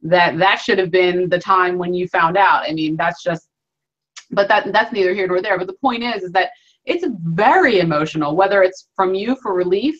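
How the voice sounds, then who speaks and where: A woman's voice: fairly low pitch, moderate pace. A woman hosting an interview over a video call, speaking earnestly and circling back to restate her points. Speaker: host. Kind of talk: reflective interview commentary. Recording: dull lo-fi video call audio.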